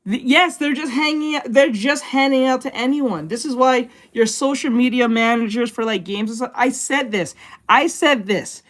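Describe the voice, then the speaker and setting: A woman streamer in casual reaction chat who swears freely and breaks into laughter easily. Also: on the high side. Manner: profane, excitable, quick to laugh.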